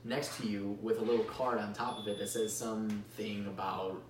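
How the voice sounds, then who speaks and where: A man's voice: fairly low pitch, flat delivery, moderate pace, far from the mic. A man co-hosting a podcast, chatting casually with wry, sarcastic asides. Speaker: podcast co-host. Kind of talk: casual chat. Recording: echoey room, mic set back, faint hiss.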